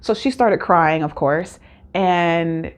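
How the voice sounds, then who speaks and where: A woman's voice: lowish voice, takes it slowly. A woman hosting a casual solo recap, talking candidly with many fillers and acted-out quotes. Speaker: show recap host.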